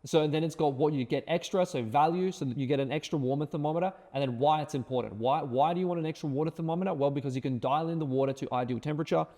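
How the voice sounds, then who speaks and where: Male course instructor, emphatic and repetitive, mellow tone, fairly high voice, echoing room. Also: quick pace, few pauses. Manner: emphatic, repeats words, tag questions. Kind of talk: screen-share tutorial.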